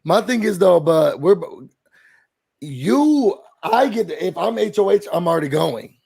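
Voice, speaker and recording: A podcast host with a high-pitched, gravelly, slightly rough voice speaks a little slowly in an easygoing chat. He's animated, acting out others' words as he relays them.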